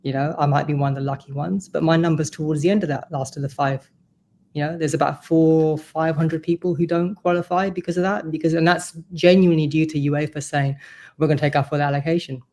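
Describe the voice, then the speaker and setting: A man's voice: a little high, steady tone, fairly quick, a little mellow. A man, a supporters' representative, talking earnestly and at length as a guest on a podcast. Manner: earnest, talkative, explains at length. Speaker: supporters' board vice-chair, podcast guest. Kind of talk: casual podcast chat.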